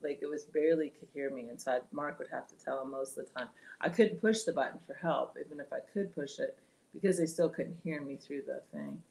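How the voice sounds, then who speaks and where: A woman's voice: deep voice, fairly quick, vocal fry, mellow, low-quality recording. A middle-aged woman, a podcast guest, candidly telling a personal story and laughing through the hard parts.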